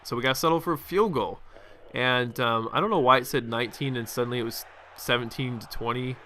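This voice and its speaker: A young man chats his way through a football video game in a bright, forward voice. He rambles, restarts his sentences and drops fillers as he goes. A faint hiss sits under the recording. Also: medium pitch, a little fast. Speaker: gaming commentator. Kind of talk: casual gameplay commentary.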